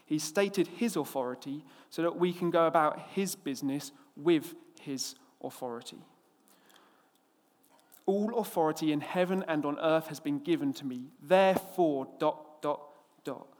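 A male preacher from England tells a lively anecdote, acting out its characters before moving into scripture. His voice sits a little high. It carries a long reverb, as if spoken in a large hall. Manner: storytelling, lively and expressive, acts out the characters. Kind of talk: sermon with an opening anecdote.

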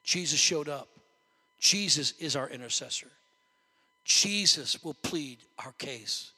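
A man preaching in a church sanctuary with a high, bright voice. His delivery is animated and climbs toward near shouts at its peaks. The sound carries the long reverb of a large hall. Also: takes it slowly, husky. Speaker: pastor. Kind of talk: sermon.

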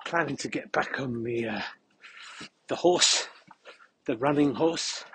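A man hosting a podcast while walking outdoors in a field, rambling in a mock-serious, deadpan way. He is a little out of breath and slightly unwell. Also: mid-range voice, takes it slowly, slightly rough, dry recording. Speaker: podcast host. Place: outdoors in a field on a cold windy day.

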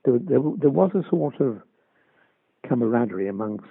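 Older man with a husky, gravelly voice on a phone line. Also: mid-range voice, lively intonation, no echo. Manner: halting, repeats words as he recalls. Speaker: actor guest. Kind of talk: reminiscing interview answer. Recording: dry tinny phone line.

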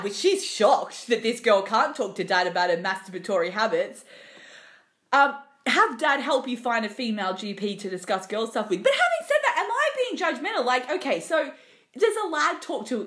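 A woman's voice: on the high side, a bit bright, reverberant. A woman co-hosting a casual comedic chat, giggly and teasing as she reads listener letters. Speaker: podcast co-host.

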